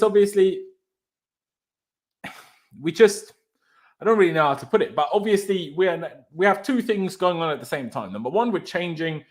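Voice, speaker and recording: A man hosting a football fan livestream, thinking aloud in a rambling, hesitant way. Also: on the high side. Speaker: fan channel host. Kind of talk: casual post-match livestream chat.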